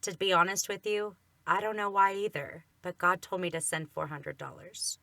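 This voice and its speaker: A woman's voice: on the low side, moderate pace, vocal fry, pushed and bright, no room sound. A woman co-hosting a faith podcast, telling a personal story in an earnest, emphatic way. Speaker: podcast co-host.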